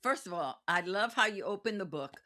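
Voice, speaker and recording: A woman's voice: medium pitch, animated, normal speed, pushed and bright. A woman acting coach hosting an interview, enthusiastic and quoting from her notes on the guest's book.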